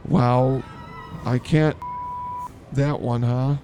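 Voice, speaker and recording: A man's voice: mid-range voice, steady tone, very slow, noisy background. A man hosting a comedy podcast who blurts things out and mocks himself in improvised banter. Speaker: podcast host.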